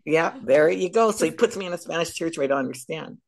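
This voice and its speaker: A middle-aged woman shares her faith testimony as a podcast guest, telling it with lively storytelling energy. Her voice sits low and has a gravelly fry running through it. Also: fast. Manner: animated storyteller. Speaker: guest speaker.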